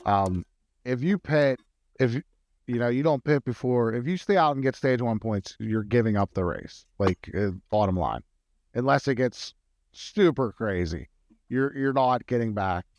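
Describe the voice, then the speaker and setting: A man co-hosting a sports betting podcast, working through numbers in an analytical, halting way. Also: medium pitch, expressive, darkish tone, no room sound. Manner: analytical, many fillers and restarts. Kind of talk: casual sports betting chat.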